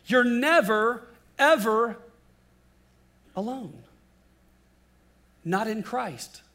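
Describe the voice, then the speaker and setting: A man preaching a sermon, swinging between emphatic lines and hushed, drawn-out words for effect. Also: sits high. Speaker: pastor.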